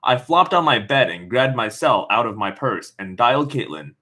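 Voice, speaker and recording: A man reads a novel aloud, stopping often to mock the text in a lively, animated voice. His pitch sits in an ordinary middle range. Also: moderate pace. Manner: sarcastic comments on the text. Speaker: reader. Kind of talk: reading a novel aloud with asides.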